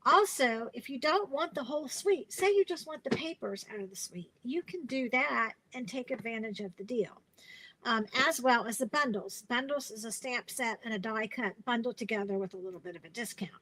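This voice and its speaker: A woman's voice: on the high side, moderate pace, pushed and bright, rough recording. A woman hosting a casual craft live stream, chatty and rambling, with lots of fillers and restarts, and she sounds tired.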